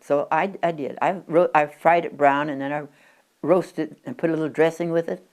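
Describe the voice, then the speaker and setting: Woman in her 90s, low voice, rambling reminiscence, chatty, stumbling restarts. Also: fairly even intonation, moderate pace, darkish tone. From Oregon, USA. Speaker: interviewee. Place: at her country home.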